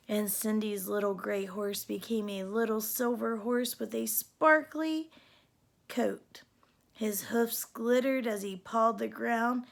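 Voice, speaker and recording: A woman teacher reading a picture book aloud in an unhurried, expressive storytelling manner. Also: fairly high pitch, gravelly.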